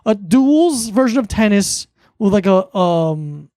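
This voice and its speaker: A man's voice: high voice, expressive, slow, warm tone, dry recording, clean studio sound. A man filling in as guest on a comedy podcast, chatting loosely, swearing freely and explaining things. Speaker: guest co-host. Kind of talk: casual comedic chat.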